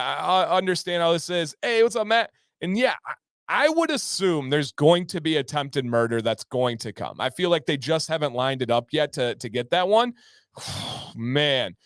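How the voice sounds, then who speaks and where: A man from Michigan hosting a casual livestream, reading viewer comments aloud and chatting in an animated way, laughing often and repeating his phrases. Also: a little high, clear, resonant tone, no room sound, studio quality. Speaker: livestream host.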